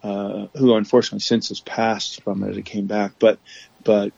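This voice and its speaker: A man guest telling his story candidly on a podcast, halting often with restarts and fillers, over remote call audio. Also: on the low side, little pitch movement, vocal fry, a little mellow, lo-fi sound.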